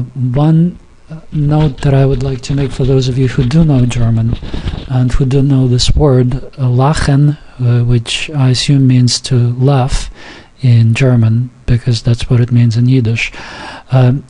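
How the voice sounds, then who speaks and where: Slow, halting man teaching pronunciation. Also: medium pitch, warm tone, breathy edge. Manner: halting, many fillers and restarts, slow and careful; over-articulates example sounds and words. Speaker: Yiddish teacher. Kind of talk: informal recorded lesson, reading from a textbook.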